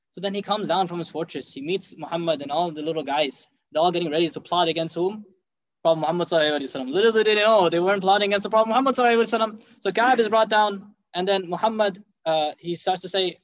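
Fast, high-voiced man telling a story. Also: dull audio. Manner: animated, acts out quotes in the story. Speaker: religious teacher. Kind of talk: storytelling lesson.

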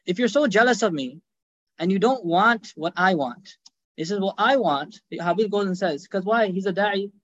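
A man preaching a sermon, telling stories fast with acted quotes and rhetorical questions. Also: sits high, animated, fairly bright tone, lo-fi sound. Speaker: Islamic preacher.

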